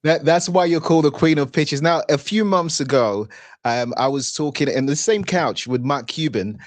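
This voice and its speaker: A man's voice: on the high side, normal speed, no room sound. A man hosting an interview show, chatting and asking questions in a loose, conversational way. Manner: chatty, with frequent fillers and restarts. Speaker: host and entrepreneur.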